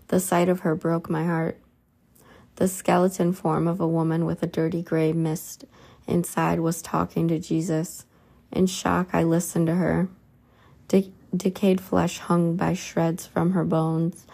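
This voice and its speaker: A woman reading a religious book aloud slowly, with occasional stumbles and restarts. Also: on the low side, creaky, mellow. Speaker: reader.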